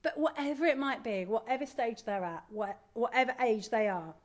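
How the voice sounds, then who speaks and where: A middle-aged woman giving a candid, animated talk to an audience as a parent. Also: a little high, normal speed. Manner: animated, candid, self-deprecating. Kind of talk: live presentation to an audience.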